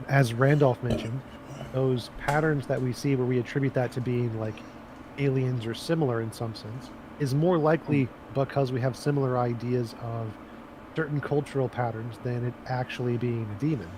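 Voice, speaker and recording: A man's voice: mid-range voice, fairly even intonation, moderate pace. A male co-host in a casual debate, arguing with rhetorical questions and everyday examples. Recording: noisy background.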